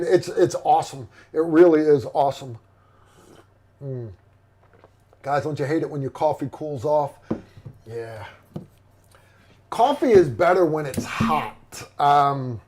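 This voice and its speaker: A man's voice: on the high side, darkish tone. A middle-aged man hosting a livestream in casual chat, rambling and blunt with lots of fillers and restarts. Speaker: livestream host.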